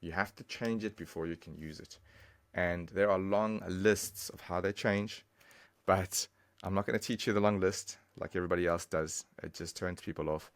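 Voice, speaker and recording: A man's voice: sits low, fairly even intonation, normal speed, dry recording. A man giving a casual, chatty online language lesson, talking straight to the viewer. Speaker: language teacher.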